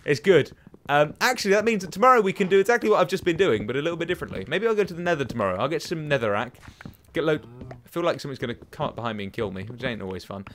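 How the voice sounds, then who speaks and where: A man's voice: a little high, lively intonation, racing, a bit bright, slight background noise. A young man hosting a let's play from home, rambling to himself and taunting enemies as he plays. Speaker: gaming channel host. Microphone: desk microphone.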